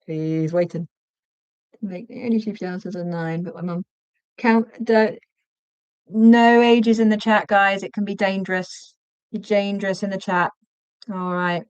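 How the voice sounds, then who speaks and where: Woman host, casual craft-stream chatter, easily distracted, counts aloud; mid pitch, muffled dry recording. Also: a little mellow, clear, resonant tone, no echo. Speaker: livestream host. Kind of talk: casual livestream chat while crocheting.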